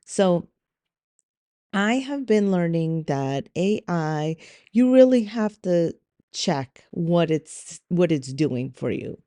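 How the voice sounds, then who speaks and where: A woman's voice: on the low side, big pitch swings, takes it slowly, dark tone, no room sound. A middle-aged woman hosting a solo podcast, talking candidly and with exasperation, swearing freely as she vents. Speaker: podcast host. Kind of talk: casual solo podcast monologue.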